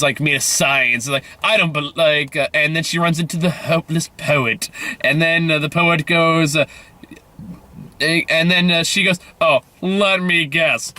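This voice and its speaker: Man, movie reviewer, sarcastic, swearing, rambling, bright forceful voice, slightly high. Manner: sarcastic, swears freely, mocks dialogue; loose and rambling with many fillers. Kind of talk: casual video review.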